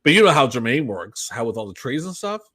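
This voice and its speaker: A man from Canada co-hosting a podcast in casual chat, animated and swearing, acting out little exchanges with quoted voices. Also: mid-range voice, fast. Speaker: podcast co-host.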